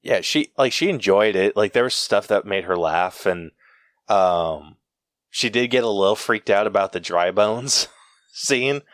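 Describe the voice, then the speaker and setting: A young man co-hosting a podcast, telling a laughing, animated anecdote in casual chat, full of fillers and restarts. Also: on the low side, measured pace, dry recording, studio quality. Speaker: podcast co-host.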